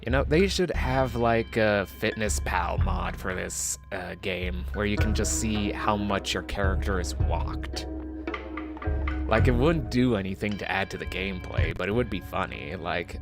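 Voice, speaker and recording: A man's voice: fairly low pitch, a little slow, gravelly, music in the background. A man streaming a game, musing in a casual, rambling way with self-mocking asides. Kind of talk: casual rambling gameplay commentary.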